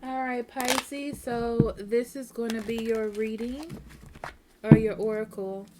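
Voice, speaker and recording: A woman's voice: fairly high pitch, steady tone, slow pace, very noisy. A woman giving a casual tarot reading at home, speaking frankly and repeating herself, often checking in with "okay?". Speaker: tarot reader.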